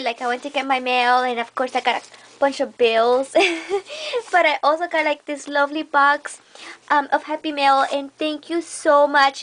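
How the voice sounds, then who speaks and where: A woman vlogger opening a package for her viewers in a gushing, excited way, often saying "oh my gosh". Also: sits high, a little hiss or hum. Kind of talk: casual unboxing chat.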